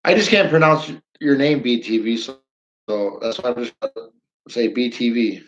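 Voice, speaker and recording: A man hosting a casual live stream, chatting loosely with his viewers and reading their comments aloud. He rambles and repeats words as he goes, at an ordinary pitch. The audio is dull and lo-fi. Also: moderate pace.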